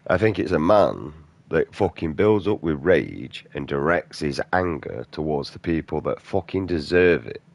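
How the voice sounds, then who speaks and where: A man's voice: rumbling low, expressive, unhurried, vocal fry, hardly any pauses. A man, a gaming streamer delivering an aggressive, profane rant in blunt slang. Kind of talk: angry off-topic rant during gameplay.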